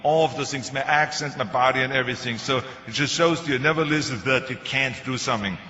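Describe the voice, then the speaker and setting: Older man, german-accented english, bright forceful voice, joking storyteller, echoey hall, dull sound. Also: medium pitch, fairly quick, slight background noise. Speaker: motivational speaker. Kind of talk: public speech.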